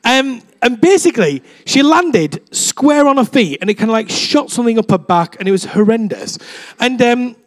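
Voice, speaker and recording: Man, young, relaxed sermon full of stories; high voice that swoops a lot. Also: normal speed. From England. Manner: chatty, self-deprecating, acts out quoted voices with big swings. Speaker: preacher. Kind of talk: casual sermon with storytelling.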